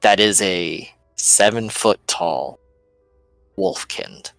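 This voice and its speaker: A man narrating as game master in a tabletop game, animated and laughing often. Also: lowish voice, extremely slow, vocal fry, dry recording, soft background music.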